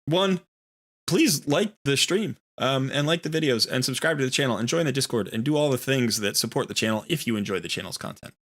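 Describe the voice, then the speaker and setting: A man's voice: medium pitch, lively intonation, fairly quick, a bit bright. A man streaming a video game live, talking casually in a rambling, easygoing way and often correcting himself.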